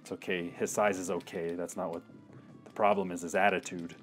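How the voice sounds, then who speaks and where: A man's voice: low voice, flat delivery, brisk, soft background music. A man playing a retro video game and commenting casually, trash-talking the enemies, cursing and joking to himself. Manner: trash-talking, swearing, jokey outbursts at the game. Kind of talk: casual let's-play commentary.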